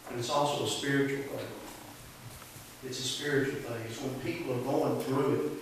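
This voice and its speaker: Folksy Southern pastor in echoey church. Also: male voice, medium pitch, steady tone, moderate pace. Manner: folksy, conversational preaching with call-and-response. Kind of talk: sermon. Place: church sanctuary. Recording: echoey church hall from far off, faint hiss.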